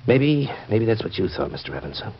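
A stubborn working-class man with a husky, low voice and slangy, tough street talk. The 1940s radio acting comes through a dull, lo-fi old radio recording. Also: very animated, a little fast.

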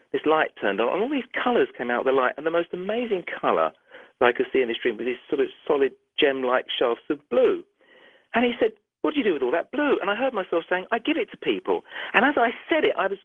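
A middle-aged man, a doctor, telling a story in a phone interview, animated and restarting sentences often. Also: fairly high pitch, breathy edge, no echo. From United Kingdom. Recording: tinny dry phone line.

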